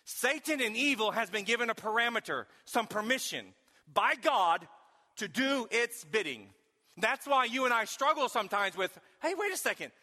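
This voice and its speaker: A man preaching a sermon in a high, bright voice. He swings from folksy storytelling to emphatic, shouted questions. His voice rings out with a long reverb, as if he were in a large hall. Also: expressive, normal speed. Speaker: pastor.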